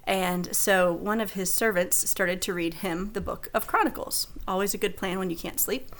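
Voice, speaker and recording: Woman with a gravelly Sunday school voice. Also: mid-range voice, moderate pace, fairly bright tone. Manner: conversational storytelling of scripture. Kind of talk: recorded Bible lesson.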